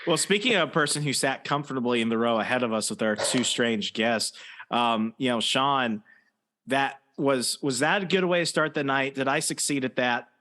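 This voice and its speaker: A man hosting a podcast in loose, casual conversation. His voice sits at an ordinary middle pitch, and he rambles through his stories with plenty of fillers and false starts. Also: moderate pace, bright, forceful tone. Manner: rambling storyteller, many fillers and restarts. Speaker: podcast host. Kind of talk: casual chat.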